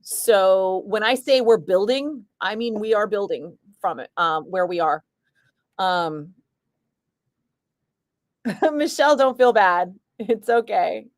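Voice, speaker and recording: A woman's voice: mid-range voice, slow pace, long pauses, no room sound, studio quality. A middle-aged woman, a radio DJ, chatting casually and bluntly with her stream viewers and answering their comments. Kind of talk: casual livestream chat.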